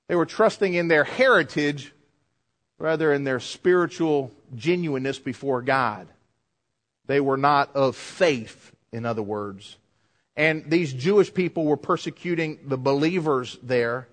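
A man preaching a sermon as a pastor, swinging between loud, high emphasis and low, quiet asides. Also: unhurried, big-room sound. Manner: preaching with swings in pitch and loudness.

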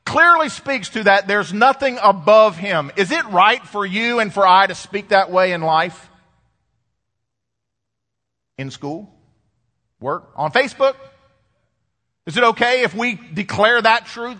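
A male pastor with a high, bright, forceful voice preaches in an emphatic style, swinging between loud peaks and low, hushed passages. His voice rings out with a long reverb, as in a large hall. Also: unhurried. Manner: emphatic preaching, rising and dropping sharply. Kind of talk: sermon.

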